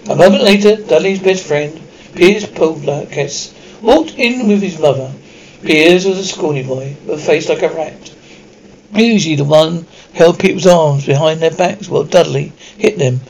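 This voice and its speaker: A man's voice: fairly high pitch, normal speed, a little mellow, poor audio. A man narrating an audiobook chapter, stumbling often and correcting himself mid-word. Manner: stumbling, frequent self-corrections. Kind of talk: audiobook reading.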